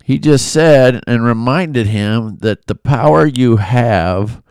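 A man's voice: mid-range voice, slow pace, a little mellow, clean tone, dry recording. A man giving an informal, earnest Bible commentary, talking conversationally with asides and restarts. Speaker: Bible devotional host.

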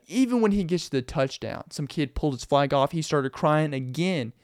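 Smooth-voiced young man telling stories. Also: fairly high pitch, moderate pace, hardly any pauses, no echo, clean studio sound. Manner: rambling, animated, laughs often. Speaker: podcast host. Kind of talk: casual storytelling monologue.

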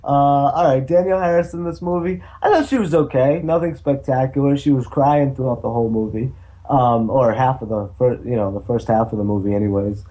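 A man's voice: medium pitch, a little fast, warm tone, poor audio. A man co-hosting a podcast, reviewing a horror sequel in a loose, hesitant way with lots of fillers. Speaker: podcast co-host. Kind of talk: casual movie review chat.

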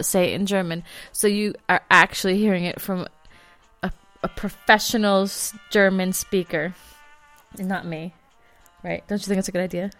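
Chatty woman vlogger, laughing easily. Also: mid-range voice. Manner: chatty, laughs often, self-deprecating. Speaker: vlog host. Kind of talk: casual travel chat.

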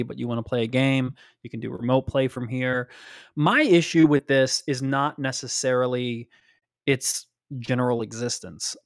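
Podcast co-host: man, mid pitch, chatty theorizer with long explanations, dry close mic. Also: dry recording. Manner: speculative, talks in long run-on explanations. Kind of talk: casual chat.

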